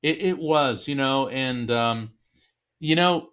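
A man's voice: mid-range voice, takes it slowly, fairly bright tone, clean tone. A man, a medium and author, telling an earnest personal story as an interview guest, with many restarts. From Florida.

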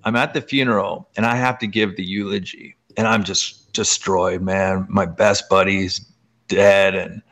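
A man from Canada with a fairly low voice tells personal stories as a guest author in an interview. He talks in an animated way, filling his sentences with "like" and letting his pitch leap upward as he gets going. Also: a little slow. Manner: animated, filler-heavy, frequent jumps up in pitch. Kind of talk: emotional personal storytelling in an interview.

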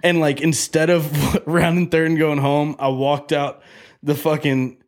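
Animated man telling a wild story. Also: a little high, a little slow. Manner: animated, profane, acts out quotes in a loud excited voice. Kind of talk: casual storytelling chat.

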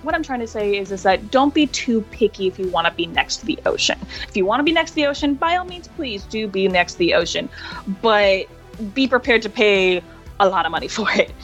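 A woman guest in a casual interview, telling lively stories, laughing often and acting out voices. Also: mid-range voice, fairly quick, highs cut off, soft background music. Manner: animated, laughs often, acts out quoted voices. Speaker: interview guest, hotel hospitality worker.

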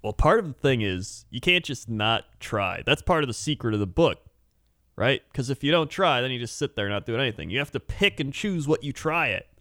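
A man's voice: medium pitch, big pitch swings, brisk, fairly bright tone, dry recording, clean studio sound. A man co-hosting a casual podcast chat, rambling through stories with lots of "like" and frequent laughter. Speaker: podcast co-host.

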